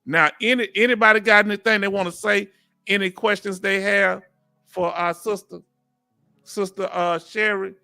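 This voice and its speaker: A man from Houston with a Southern Texas accent, hosting a live stream in a folksy, drawn-out storytelling way. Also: high voice, steady tone, creaky, bright, forceful tone, clear, resonant tone, soft background music. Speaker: host.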